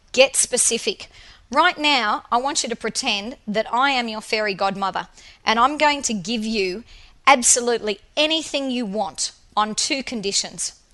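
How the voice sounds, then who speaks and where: A woman giving a motivational presentation, telling stories with lively emphasis and repetition. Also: a little high. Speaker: motivational speaker.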